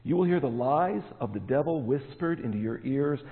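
A man's voice: mid-range voice, animated, normal speed. A man preaching a sermon as pastor, emphatic and stressing key words. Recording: echoey hall, tinny phone-like sound.

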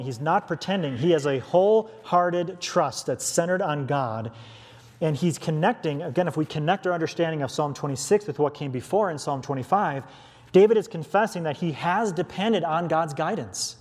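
A man's voice: on the high side, darkish tone. A man preaching an earnest expository sermon, restarting phrases as he works through a text. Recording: long hall reverb.

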